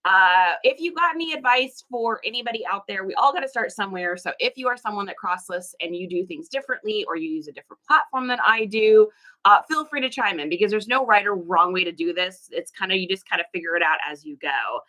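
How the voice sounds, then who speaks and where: Chatty reseller lady on a livestream, bright tone, friendly chatter with viewers. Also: mid-range voice, animated, quick pace. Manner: chatty, laughs often, greets viewers by name. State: allergies, puffy eyes. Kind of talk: casual livestream chat with viewers.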